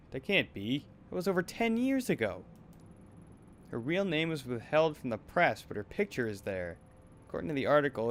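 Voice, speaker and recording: A man hosting a let's play, reading game text aloud calmly while he plays. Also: medium pitch, slight background noise.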